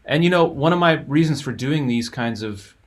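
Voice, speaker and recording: A man's voice: medium pitch, lively intonation, moderate pace. A man hosting, casually explaining a music arrangement with enthusiasm as it plays. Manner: explanatory, enthusiastic, talks over playing music. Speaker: host and musician.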